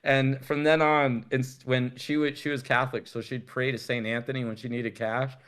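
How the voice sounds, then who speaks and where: A man's voice: medium pitch, level tone, normal speed, fairly bright tone, smooth. A middle-aged man from the United States, a guest telling rambling, candid stories in casual chat, swearing freely. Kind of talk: casual storytelling interview.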